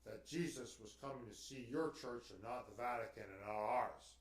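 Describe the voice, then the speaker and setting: A man's voice: medium pitch, moderate pace, close to an everyday voice. A man acting out a frustrated, indignant pope in a spoken anecdote. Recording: roomy, distant mic.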